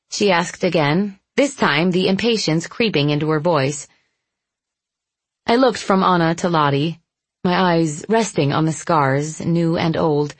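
A woman reading a first-person novel as an audiobook narrator, measured and even. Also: deep voice, no echo.

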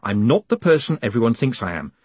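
A man's voice: medium pitch, very animated, fast talker, darkish tone, breathy edge, dry recording. A man playing a charming, restless male con man who talks in a glib, self-mocking way. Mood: wry.

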